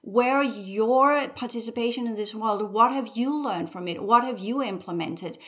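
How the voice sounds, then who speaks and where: A woman's voice: a little high, normal speed. A woman teacher speaking as a podcast guest, urgently exhorting listeners with strings of rhetorical questions. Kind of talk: podcast conversation.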